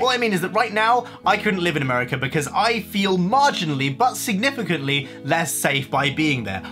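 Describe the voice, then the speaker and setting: A man's voice: high-pitched, pushed and bright. A young man with an English accent, talking to camera in a playful comedic vlog with silly made-up words. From England. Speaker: YouTube vlogger.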